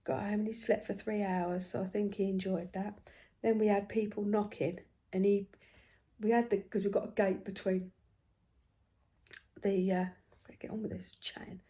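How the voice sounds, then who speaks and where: An older woman talks while she works on her stitching, rambling through a family story in a friendly, chatty way. She moves between animated, laughing bursts and soft, hushed asides, and her pitch sits right in the middle. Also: normal speed. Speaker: craft vlogger.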